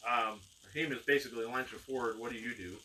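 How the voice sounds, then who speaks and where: Bright-voiced man running a tabletop game. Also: medium pitch, steady tone, fast. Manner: rambling, filler-heavy narration with acted outbursts. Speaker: game master. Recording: distant mic with faint noise.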